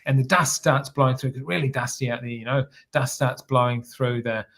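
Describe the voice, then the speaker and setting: With a medium-pitched voice and a brisk pace, this middle-aged man with a New Zealand accent shares a story as an interview-show guest. A former helicopter pilot, he speaks in a relaxed, meandering way, often starting over and repeating himself.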